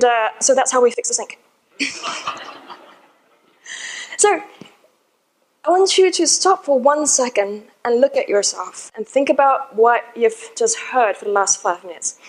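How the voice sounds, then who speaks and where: A woman's voice: fairly high pitch, low-quality recording. A woman giving a talk to a live audience, telling a personal story in a chatty, self-deprecating way and laughing at herself. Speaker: conference speaker.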